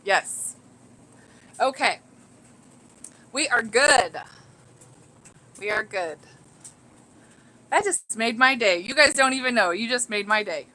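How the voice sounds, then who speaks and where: A woman's voice: a little high, animated, slow, long pauses, pushed and bright, rough recording. A woman chatting casually on a home livestream, reading viewer comments aloud, giddy and laughing often. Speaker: vlogger reading live chat.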